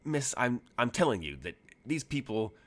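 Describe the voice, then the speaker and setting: A man's voice: mid-range voice, sing-song, normal speed, fairly bright tone, pitched above the performer's own voice. A man voicing a nervous, fussy male talent agent who pleads and frets in a tabletop game. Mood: pleading. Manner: pleading, fretful.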